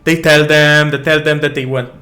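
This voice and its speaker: A man's voice: fairly high pitch, flat delivery, normal speed, pushed and bright. A man narrating as game master in a casual, rambling way, often stammering and repeating words. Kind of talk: improvised tabletop narration.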